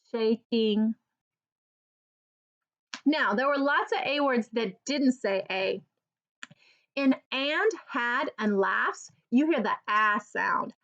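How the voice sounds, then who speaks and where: Slow, lively woman teaching reading. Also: fairly high pitch, highs cut off. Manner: slow, clearly sounding out each word. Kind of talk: early reading lesson for children.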